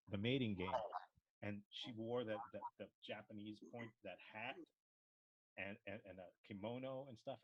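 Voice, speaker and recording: A man's voice: lowish voice, no room sound, lo-fi sound. Frank New man teaching improv. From New York. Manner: storytelling, frank, swears casually. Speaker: improv instructor. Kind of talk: teaching class discussion.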